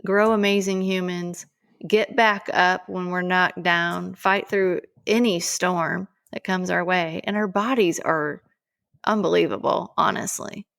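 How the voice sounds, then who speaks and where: Gravelly low-voiced woman telling a story. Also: unhurried. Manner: emphatic, animated retelling. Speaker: podcast co-host. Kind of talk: personal storytelling on a podcast.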